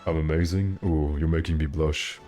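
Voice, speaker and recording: A man's voice: rumbling low, steady tone, normal speed, dark tone, faint music behind. A man streaming a game, chatting casually with his viewers in a joking, self-mocking, rambling way. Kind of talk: casual live-stream chat.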